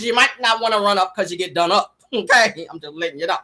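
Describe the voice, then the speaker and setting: A woman's voice: mid-range voice, fast talker, sharp tone. A woman vlogger giving sassy, blunt gossip commentary from her car, laughing often and swearing freely. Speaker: vlogger and show host.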